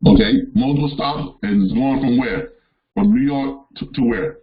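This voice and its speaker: A man's voice: mid-range voice, wildly swooping pitch, moderate pace, gravelly, dull audio. A man hosting a live question-and-answer call, giving casual advice in a rambling way with many fillers and restarts. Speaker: host answering caller questions.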